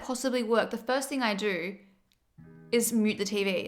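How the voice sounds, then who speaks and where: A woman chatting casually on a livestream, animated and quick to laugh. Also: mid-range voice, soft background music. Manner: chatty, giggly, animated storyteller.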